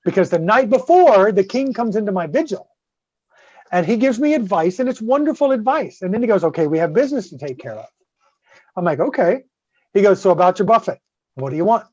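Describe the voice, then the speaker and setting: A man tells a story loosely and profanely. He gets louder and livelier at the big moments. The recording is dull and dry. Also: high voice, animated, brisk, no echo. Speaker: guest host. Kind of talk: casual storytelling.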